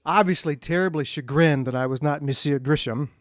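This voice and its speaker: A middle-aged man, an author, telling self-deprecating anecdotes to an audience at a bookstore event in a relaxed, humorous way. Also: fairly high pitch, a little fast. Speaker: author speaking at a book event. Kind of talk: humorous storytelling talk to an audience.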